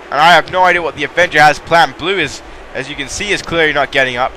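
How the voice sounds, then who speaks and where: A man giving excitable, mildly profane play-by-play commentary on a wrestling video game. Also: on the high side, quick pace, slight background noise.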